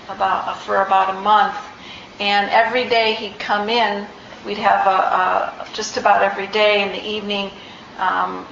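A woman's voice: mid-range voice, gravelly, fairly bright tone, slight background noise. Reflective woman giving a dharma talk. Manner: reflective, unhurried, frequent ums and restarts. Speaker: meditation teacher. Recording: roomy, slightly dull recording.

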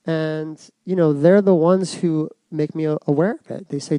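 A middle-aged man giving a reflective personal talk to an audience, soft and unhurried with many pauses. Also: a little high, steady tone, no room sound. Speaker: speaker giving a dharma talk.

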